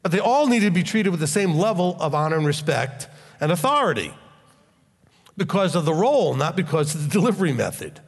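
A man preaching a sermon in a blunt, animated way and leading a closing prayer. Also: a little high, a little fast, slightly rough, big-room sound. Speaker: pastor.

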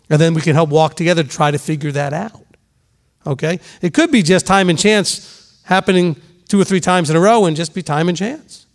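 This middle-aged pastor preaches briskly in a slightly high voice. Forceful and repetitive, he hammers his points home and now and then imitates gossips.

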